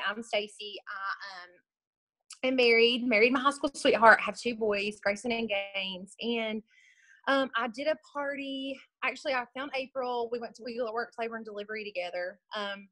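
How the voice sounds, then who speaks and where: A woman's voice: a little high, a bit bright, dry recording, poor audio. A young woman, talking casually and unscripted on a video team call about selling nails. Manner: chatty and upbeat, with many fillers and restarts. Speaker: nail product seller sharing tips on a team call.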